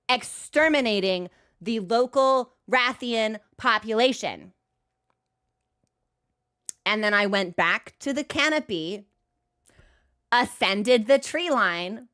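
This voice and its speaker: A woman's voice: fairly high pitch, pushed and bright. Profane, exasperated storytelling woman. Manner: profane, exasperated, exaggerating for laughs. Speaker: streamer. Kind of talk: casual comedic storytelling.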